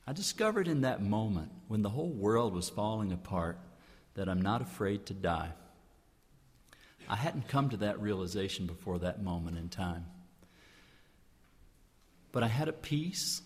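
A man's voice: fairly low pitch, sing-song, moderate pace, pauses often. A clergyman giving an earnest inspirational public talk, building his points through rhetorical repetition. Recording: long hall reverb.

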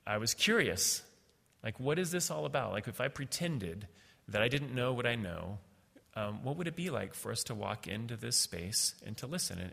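A middle-aged man tells a personal story, stopping and restarting often with lots of fillers. His fairly low voice is gravelly and bright. The recording carries a long hall reverb. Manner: halting, many fillers and restarts.

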